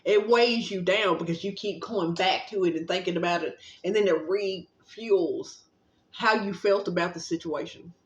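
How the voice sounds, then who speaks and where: A woman vlogger giving a casual, rambling spiritual pep talk, gently encouraging and affectionate, with plenty of fillers and a little casual swearing. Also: on the low side, normal speed. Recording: roomy, slightly dull recording.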